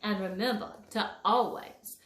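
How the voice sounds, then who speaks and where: A woman voicing a sweet, prim female fairy who teaches children manners, in a Southern drawl, scolding gently with pet names. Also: medium pitch, fairly even intonation, unhurried, lightly acted. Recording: echoey room.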